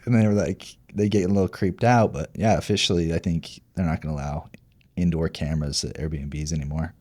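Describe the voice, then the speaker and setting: A man's voice: low-pitched, steady tone, brisk, mellow. A man in his thirties co-hosting a casual podcast, playful and teasing, laughing often. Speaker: podcast co-host. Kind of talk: casual chat.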